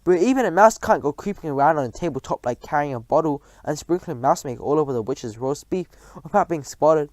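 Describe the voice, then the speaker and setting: A man reading a storybook aloud, voicing a calm, determined old grandmother who speaks firmly and properly. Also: a little high, a little fast, no echo, natural voice.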